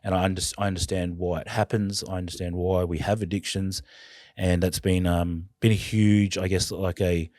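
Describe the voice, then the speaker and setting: An Australian man, a podcast guest, telling his personal story in an earnest, halting, emotional way. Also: low voice, level tone, a little mellow, dry recording, studio quality.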